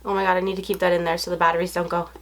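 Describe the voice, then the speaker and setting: A young woman vlogging an unboxing, talking casually and gushing with excitement. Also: on the low side, rapid-fire. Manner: gushing, breathless and effusive.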